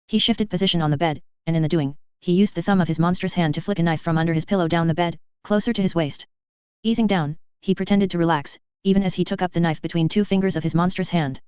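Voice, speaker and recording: Brisk, crisp woman narrator. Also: lowish voice, no echo, dull audio. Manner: brisk, steady reading. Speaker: audiobook narrator. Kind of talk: scripted narration.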